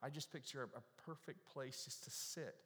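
A pastor giving an animated, conversational sermon, restarting words as he goes. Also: medium pitch, moderate pace. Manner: animated, conversational preaching with repeated starts. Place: church sanctuary. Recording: echoey hall reverb.

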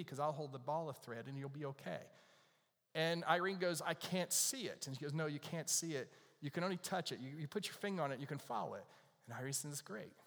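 A man's voice: fairly high pitch, a bit bright. A man preaching a sermon, retelling a story in a conversational way and putting questions to the congregation. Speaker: pastor. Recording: long hall reverb.

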